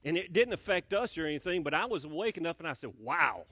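A man's voice: on the high side, expressive, very fast, a bit bright, no room sound. A male pastor preaching a sermon in a church, talking conversationally, repeating words and asking the congregation questions. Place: church sanctuary.

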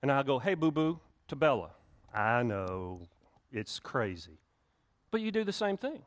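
A male pastor with a mid-range voice preaches unhurriedly in the church sanctuary, his pitch swinging hugely. The sermon is conversational, full of restarts and acted-out quotes.

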